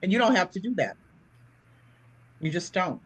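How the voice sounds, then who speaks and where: A woman's voice: fairly low pitch, animated, normal speed, husky, dry recording. A woman around sixty giving a motivational talk over a video call as presenter, emphatic and preacherly, repeating her points.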